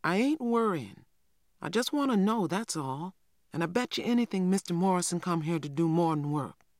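A man's voice: sits high, lively intonation, normal speed, dry recording, studio quality, voice pushed up. A man voicing a spirited, outspoken young Southern girl in a storybook reading, asking questions insistently. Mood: defiant.

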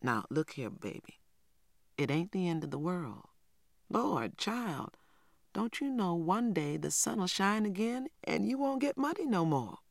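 A no-nonsense old grandmother talks in brisk, folksy dialect, firm but loving, as a man puts her on. The voice is lifted a little in pitch, and the recording is dry and close. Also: fairly bright tone, smooth, no echo, close to an everyday voice. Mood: soothing.

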